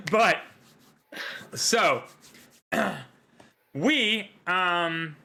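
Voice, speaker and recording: A man's voice: high voice, lively intonation, extremely slow, sharp tone. A man hosting a live tabletop role-playing stream as game master, joking and rambling with fillers.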